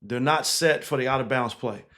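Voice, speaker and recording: A man, a basketball coach, casually breaking down game film, animated and laughing easily, tagging points with 'right?'. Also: medium pitch, normal speed. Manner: animated, keeps checking in with 'right?' and 'again'; laughs easily while explaining.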